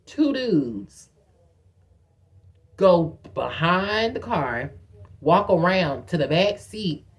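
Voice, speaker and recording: A young woman tells a story in a casual vlog. She is animated and profane, and she acts out quotes in a higher voice. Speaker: vlogger telling a story.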